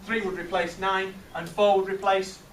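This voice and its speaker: A middle-aged man teaching a class of children, asking lively questions and checking with tag questions. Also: high-pitched, moderate pace. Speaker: teacher leading a maths master class. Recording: echoey classroom from far off, noisy.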